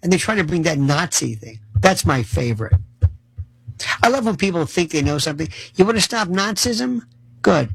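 A man's voice: high voice, lively intonation, moderate pace, creaky, fairly bright tone, a little hiss or hum, low-quality recording. A man talking in an emphatic, rambling monologue, full of rhetorical questions and opinionated asides.

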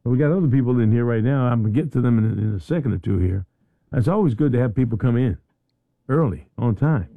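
A man's voice: mid-range voice, quick pace, creaky, no echo, phone-quality sound. A man hosting a radio talk show in a studio, chatting casually and often repeating words as he goes. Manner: animated, repeats words and restarts.

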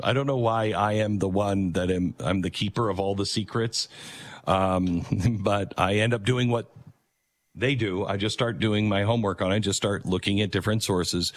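A middle-aged man hosting a talk radio show, rambling conversationally with many fillers and restarts. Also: on the low side. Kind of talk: talk radio monologue with live ad read.

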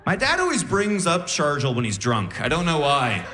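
A young man performing a stand-up comedy set on stage, animated, with sudden high-pitched exclamations. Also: normal speed. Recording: echoey room.

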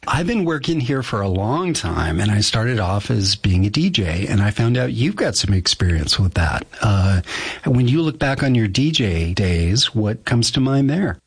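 A man hosting a radio interview, his voice low and a little husky. He asks his questions in a measured, friendly way and reads the program announcements steadily. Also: big pitch swings. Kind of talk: radio interview and news reading.

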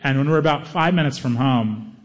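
A man telling a stand-up story, lively, acting out other people's lines. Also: brisk. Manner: animated, acts out other people's lines in higher voices. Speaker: stand-up comedian.

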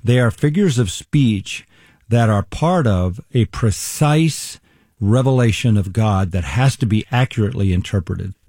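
Older pastor, mellow and measured. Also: male voice, on the low side, lively intonation, no room sound, studio quality. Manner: deliberate, measured, with frequent restarts. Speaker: pastor and Bible teacher. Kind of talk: interview conversation.

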